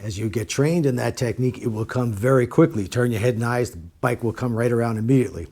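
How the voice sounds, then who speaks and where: Middle-aged male riding instructor, casual and direct, leans on repetition, dark relaxed tone. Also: medium pitch, quick pace. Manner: plain-spoken, repeats points for emphasis. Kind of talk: casual talk to camera.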